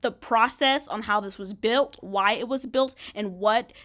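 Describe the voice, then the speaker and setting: A young woman vlogging casually from a bedroom, chatty and rambling, full of "like" fillers and quick laughs. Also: a little high, a bit bright. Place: bedroom in an apartment.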